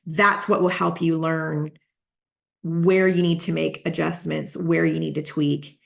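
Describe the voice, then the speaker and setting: A woman's voice: low voice, flat delivery, measured pace, vocal fry. A woman real estate coach giving a live online coaching session, practical and repeating her key points for emphasis, over a video call.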